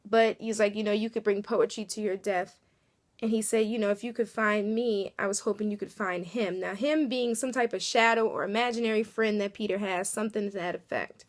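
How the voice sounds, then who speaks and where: A woman's voice: medium pitch, steady tone, fairly quick. Chatty woman recapping a TV episode. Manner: chatty, filler-heavy retelling with reactions. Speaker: TV episode reviewer.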